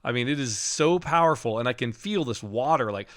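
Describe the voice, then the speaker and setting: A man co-hosting a Christian podcast, telling a personal spiritual experience in a casual, animated way, laughing often and restarting his sentences. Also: medium pitch, fairly quick. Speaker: podcast co-host. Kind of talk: casual faith testimony.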